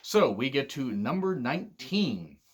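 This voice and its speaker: A man casually talking through his favorite wrestling matches, candid and excitable, swearing freely. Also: medium pitch, a little slow, slightly rough. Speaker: wrestling reviewer. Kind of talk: casual commentary vlog.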